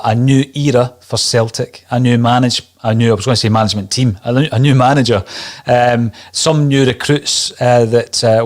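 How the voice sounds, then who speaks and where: Man hosting a football podcast. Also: medium pitch. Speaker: podcast host. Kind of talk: casual football chat.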